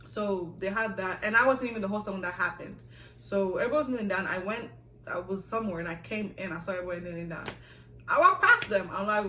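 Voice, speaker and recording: Animated young woman vlogger, bright voice. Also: mid-range voice, fast, a little hiss or hum. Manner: animated, laughing, full of asides. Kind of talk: casual storytelling. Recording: echoey room, a little far from the mic.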